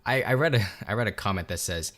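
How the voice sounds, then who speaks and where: Deep low-voiced guy, chill podcast game talk, teasing, swears a bit. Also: fast. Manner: relaxed, teasing, swears casually. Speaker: podcast co-host. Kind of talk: casual chat about video games.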